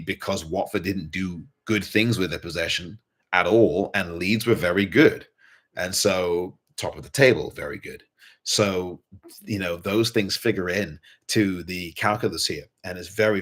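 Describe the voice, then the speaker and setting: A man's voice: low-pitched, unhurried, a bit bright. A man hosting a fan show, giving earnest post-match commentary and repeating points for emphasis. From England.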